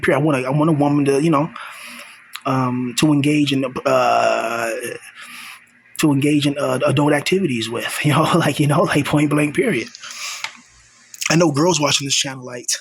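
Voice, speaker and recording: A man's voice: on the high side, gravelly, slight background noise. A young man hosting his own channel, venting in a raw, confrontational monologue and repeating himself for emphasis. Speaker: channel host.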